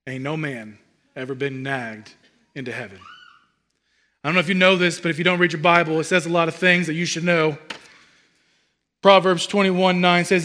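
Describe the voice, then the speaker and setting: A male pastor preaching with a high, bright, forceful voice. His sermon is humorous and lively, jumping from loud, excited bursts down to quiet, hushed asides. He talks directly to the congregation the whole time. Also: moderate pace, pauses often.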